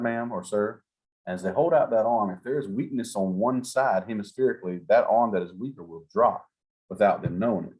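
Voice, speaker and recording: Husky-voiced man teaching EMTs. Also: on the low side. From South Georgia. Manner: folksy, animated, acts out patient exchanges. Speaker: EMS instructor. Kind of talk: classroom lecture.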